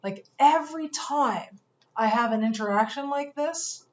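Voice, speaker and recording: A woman teaching a course for fitness coaches, telling a personal story in an earnest, measured way with pauses. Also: high-pitched, dull audio.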